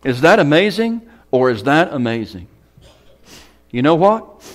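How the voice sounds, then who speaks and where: A man pastor preaching a sermon, with dramatic swings from loud bursts to hushed whispers. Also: on the high side, very animated, a little slow. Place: church hall.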